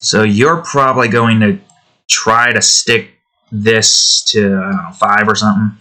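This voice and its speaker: A hobby game developer from the United States gives rambling, casual commentary while building a game, joking, cursing, and speaking to the objects on his screen. His voice is on the low side, bright and forceful, with fairly even intonation and a slightly slow pace.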